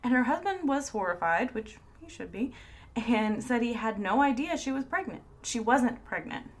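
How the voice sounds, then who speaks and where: A woman's voice: a little high, lively intonation, normal speed. A woman co-hosting a podcast, telling a story in a casual, chatty way and laughing often. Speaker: podcast co-host. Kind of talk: casual chat.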